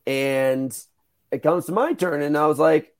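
A young man hosting a podcast, telling stories in a casual, animated way, swearing and acting out the voices of the people in them. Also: a little high, measured pace. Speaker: podcast host. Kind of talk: casual storytelling chat.

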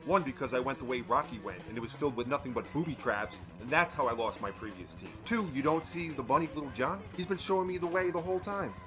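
A man's voice: mid-range voice, animated, fast, few pauses, over music, lightly acted, poor audio. A man playing a bossy, self-assured expedition leader in a comedy audio drama.

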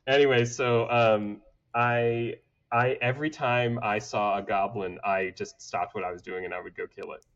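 A man telling stories in a casual podcast chat, animated, laughing and swearing as he goes. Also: lowish voice, normal speed, muffled recording. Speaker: podcast guest.

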